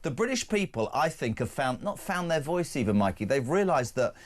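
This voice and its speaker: A man's voice: fairly high pitch, big pitch swings, fairly quick. A man co-hosting a talk radio show, emphatic and ranting as he gives his opinions. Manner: emphatic, ranting, mocks politicians in put-on voices. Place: radio studio.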